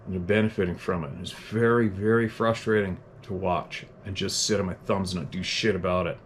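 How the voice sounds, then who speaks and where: A man's voice: deep voice, steady tone, fairly quick, slight background noise. A man from Canada, hosting a podcast and reading listener letters, talking bluntly and with plenty of swearing in a heated, unscripted monologue. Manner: blunt, profane, heated ranting; self-deprecating chuckles.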